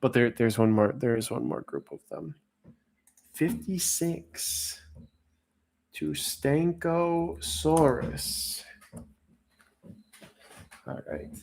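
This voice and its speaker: A man's voice: on the low side, very animated, gravelly, darkish tone. A man hosting a casual livestream auction, rambling between lots and drawing out his bid calls. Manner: rambling, self-interrupting, drawn-out bid calls.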